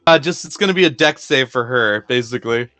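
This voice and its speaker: A man's voice: mid-range voice, a little fast, pushed and bright, soft background music. A man running a tabletop game as game master, making rulings and playfully describing the action.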